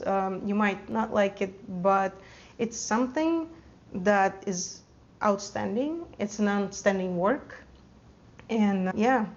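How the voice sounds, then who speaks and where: A woman's voice: mid-range voice, darkish tone. Enthusiastic woman reviewing perfumes, slightly dull recording. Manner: enthusiastic, emotional, rambling with fillers. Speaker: fragrance vlogger. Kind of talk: casual product review to camera.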